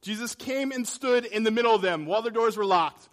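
A man preaching a sermon in a conversational way, swinging between loud emphasis and quiet, hushed lines. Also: high voice, brisk. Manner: dramatic shifts between loud and soft. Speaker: pastor.

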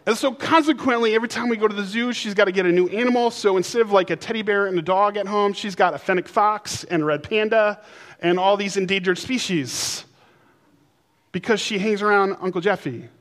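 A man preaching a sermon, telling stories with playful voices, then slowing and softening for emphasis. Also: high-pitched. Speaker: pastor.

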